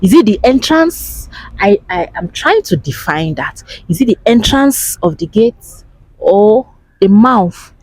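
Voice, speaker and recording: A young woman with a Nigerian accent, chatting casually to camera in an animated way and asking rhetorical questions. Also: medium pitch, unhurried, dry recording, poor audio. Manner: animated, asks rhetorical questions, laughs often. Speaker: vlogger.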